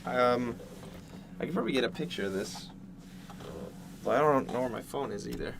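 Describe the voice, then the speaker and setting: A man from Canada, streaming casually from home while eating, jumping from loud yelps to low mumbles. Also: normal speed, vocal fry, noisy background. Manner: excitable, jumps to loud yelps then mumbles. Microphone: desk mic, no headset.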